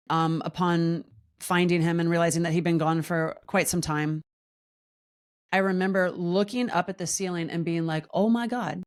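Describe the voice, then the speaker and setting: Speaking on the low side, this woman in her forties is a wellness coach appearing as a podcast guest. She shares her story openly and animatedly, jumping sharply higher in pitch to voice the people she quotes.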